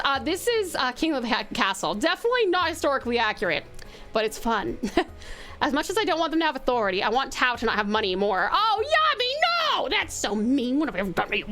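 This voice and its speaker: Bubbly Australian woman, high lively voice. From Tasmania, Australia. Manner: bubbly and affectionate with chat. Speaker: streamer. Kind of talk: casual game stream chat and narration.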